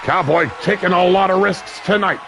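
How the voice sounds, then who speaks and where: A man calling a wrestling match play-by-play, brash and crude, with sudden shouted bursts of excitement. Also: high-pitched, moderate pace, a crowd in the background, noisy background. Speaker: wrestling commentator. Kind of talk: play-by-play commentary. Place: seated at a ringside commentary table.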